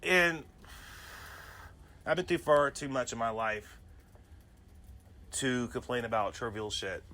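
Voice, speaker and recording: A man with a bright, forceful voice talks through personal stories in a loose solo podcast. He rambles and keeps dropping "you know" between his thoughts. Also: medium pitch, lively intonation, takes it slowly. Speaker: podcast host. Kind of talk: casual personal storytelling monologue.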